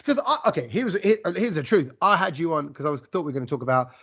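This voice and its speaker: A man hosting a podcast, telling stories in a rambling, animated way with lots of restarts. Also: on the high side, fast talker, breathy edge. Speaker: podcast host. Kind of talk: casual conversational interview.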